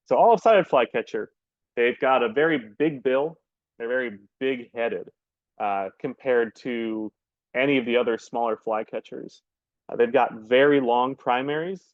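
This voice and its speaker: Man giving a relaxed bird lecture. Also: mid-range voice, no echo. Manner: relaxed, frequent ums and uhs. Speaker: birding guide presenting. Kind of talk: casual slideshow lecture. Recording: dull, dry lo-fi sound.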